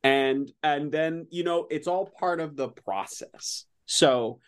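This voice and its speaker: A man's voice: on the high side, slow pace, smooth. A man playing a tabletop horror game, rambling hesitantly with many fillers. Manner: hesitant, lots of fillers and restarts. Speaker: player. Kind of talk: casual tabletop play, often in character.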